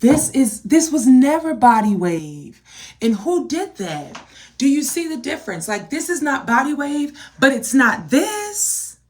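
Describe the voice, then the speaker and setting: Animated woman vlogger, exasperated. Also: sits high, a little slow. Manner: animated, exasperated rhetorical questions; addresses viewers as y'all. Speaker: beauty vlogger. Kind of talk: casual chat to camera.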